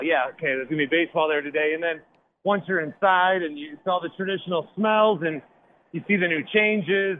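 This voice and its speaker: A man who hosts a morning show, calling in from a ballpark, chatty and rambling, out of breath. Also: sits high. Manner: rambling, chatty, self-deprecating. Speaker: morning radio host, guest. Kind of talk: casual sports radio talk. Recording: tinny phone line with faint noise.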